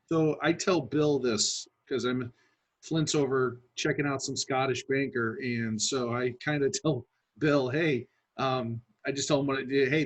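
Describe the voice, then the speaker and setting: A man playing a tabletop role-playing game, talking in a quick, chatty way. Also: medium pitch. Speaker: player. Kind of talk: casual tabletop play.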